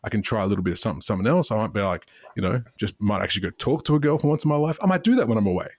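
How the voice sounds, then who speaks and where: A man's voice: lowish voice, animated, very fast, darkish tone, slightly rough, dry recording. An Australian man hosting a podcast, chatting casually in a rambling way and often restarting his sentences. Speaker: podcast host. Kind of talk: casual banter.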